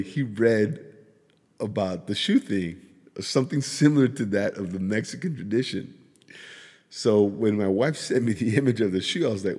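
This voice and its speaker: A man's voice: lowish voice, darkish tone, slightly rough, long reverb tail. A man hosting his own podcast, telling a family story in a rambling way and laughing often. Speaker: podcast host. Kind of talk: casual chat.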